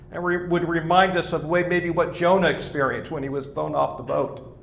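A man's voice: on the high side, fairly quick, gravelly, reverberant. A man preaching a sermon in an earnest way, leaning hard on key words as he explains a psalm. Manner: earnest, rising to emphatic stress on key words. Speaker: pastor.

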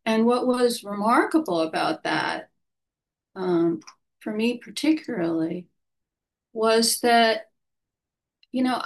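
A woman of middle pitch tells a reflective personal story at an unhurried pace. She is gentle and thoughtful and often lets her voice fall soft and quiet. She sounds like a spiritual caregiver recounting a visit.

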